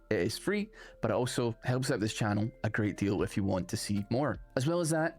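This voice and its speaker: A man at an ordinary middle pitch reads online posts aloud and then comments on them off the cuff. His delivery is casual and animated, and he often lifts his voice at the start of a phrase. Faint music plays under his voice. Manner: chatty, animated, rising emphasis on phrase openings. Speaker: host reading online stories.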